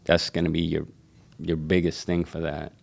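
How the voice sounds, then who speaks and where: A man's voice: extremely low pitch, completely flat delivery, normal speed, gravelly. A man, a barber, telling stories in a casual podcast conversation and acting out the voices of people he quotes.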